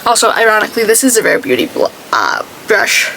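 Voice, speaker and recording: Rich: A woman with a fairly high, gravelly voice talks casually while doing her makeup at home. She tells stories in a chatty, animated way and acts out the people in them, with faint hiss behind her. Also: fairly quick, low-quality recording. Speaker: beauty vlogger.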